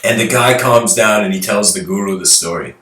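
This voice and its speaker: A man giving a spiritual talk tells a story in a loose, conversational manner. His voice sits fairly low but sounds bright and forceful. It is recorded from a distance in a reverberant room. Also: brisk. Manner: loose, conversational, frequent "you know". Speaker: spiritual lecturer. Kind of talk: casual storytelling lecture. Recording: roomy, distant mic.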